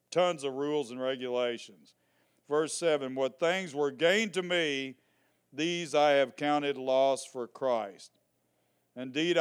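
Male pastor, slow and clear, playful with his flock, reads scripture then explains it. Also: mid-range voice. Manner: joking, teasing the congregation. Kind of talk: sermon. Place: church before a congregation.

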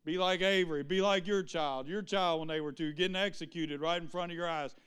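A man preaching a sermon. His voice sits a little high and comes through clear and resonant. He keeps pressing the congregation with questions and calls for them to answer back. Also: fairly even intonation, fairly quick, fairly bright tone. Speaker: pastor.

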